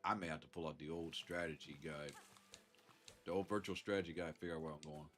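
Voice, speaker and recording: This man's voice is extremely low and steady, fast-paced, with a fairly bright tone and faint music in the background. With a Southern US accent and congestion from a sinus infection, he chats easily on a live stream, chuckling often and thanking chatters.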